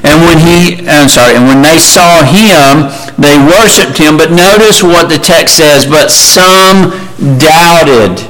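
A man's voice: a little high, slow pace, few pauses, a bit bright, rough recording. A man preaching a sermon in a conversational way, reading scripture aloud with frequent restarts.

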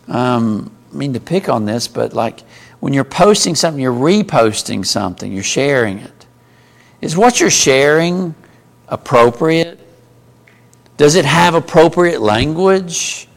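Gravelly-voiced man teaching a Bible class. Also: medium pitch, expressive, a little slow. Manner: conversational, asks the group questions.

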